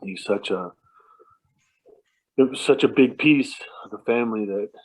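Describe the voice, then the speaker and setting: Medium in pitch and measured in pace, a man casually tells family stories by phone, the line tinny, at home at night. He's a relative sharing memories at a family remembrance, rambling, chuckling often and restarting what he says.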